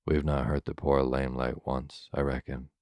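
A man's voice: rumbling low, flat delivery, moderate pace, no echo, clean studio sound. A man reading as a kindly old country doctor. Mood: cheerful. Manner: gentle, soothing reassurance.

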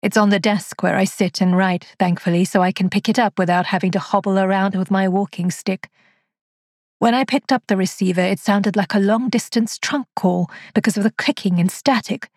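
A frail, frightened old spinster tells of her haunted nights, voiced by a woman reading the story. The voice is husky and hushed, recorded dry and close to the mic, in a mid-range tone. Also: medium pitch, fairly even intonation, moderate pace, dry recording, close to an everyday voice. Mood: uneasy. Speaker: narrator. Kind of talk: scripted first-person narration.

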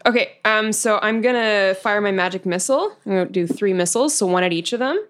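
A woman playing a tabletop game, bubbly and quick to giggle. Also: medium pitch, lively intonation, a bit bright. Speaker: player. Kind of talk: casual tabletop play.

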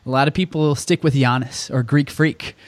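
A man's voice: mid-range voice, steady tone, a little fast, no echo. A man hosting a casual sports podcast, teasing his co-hosts in an upbeat way. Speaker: podcast host.

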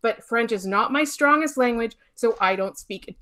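A woman from Montreal, talking in a casual, opinionated way with lots of fillers and quick restarts. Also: fairly high pitch. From Montreal, Quebec. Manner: animated, many fillers, rapid restarts.

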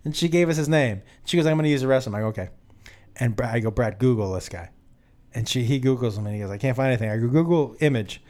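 A man hosting a casual talk show, telling a story with lively voiced quotes and laughter. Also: medium pitch, quick pace. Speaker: host. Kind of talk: casual banter with role-play and storytelling.

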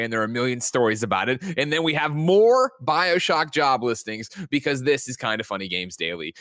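A man hosting a casual video game news show, joking and talking in a quick, energetic way. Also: medium pitch, no room sound, clean studio sound. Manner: energetic, joking, rapid-fire host delivery. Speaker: host.

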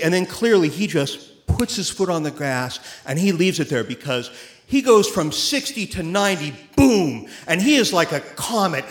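Guy telling a story live onstage, high voice, lots of laughing, echoey hall. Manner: animated, often laughing while telling. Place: theater stage before an audience. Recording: roomy live hall with faint noise.

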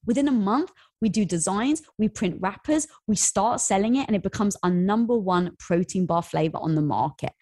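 A woman in her thirties, a company co-founder and guest, telling an animated story about her business with breathy, quick bursts. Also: medium pitch, no echo. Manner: animated, rushes through exciting parts. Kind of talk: storytelling interview answer.

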